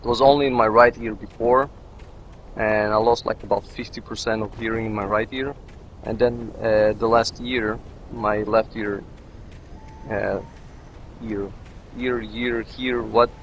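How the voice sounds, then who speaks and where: A man's voice: lowish voice, little pitch movement, a little slow, slight background noise, poor audio. A man who is not a native English speaker, rambling and joking as he comments on his gameplay. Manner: rambling, jokey, talks to himself. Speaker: let's play commentator.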